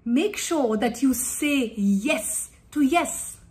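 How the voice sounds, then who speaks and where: A woman's voice: high-pitched, expressive, very slow, a little mellow. A woman parenting coach giving earnest, emphatic advice to parents in an instructive talk.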